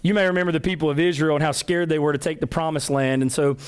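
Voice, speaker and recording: Animated, higher-voiced male preacher. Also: fast, smooth. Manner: animated storytelling with acted-out quotes. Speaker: pastor. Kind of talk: sermon.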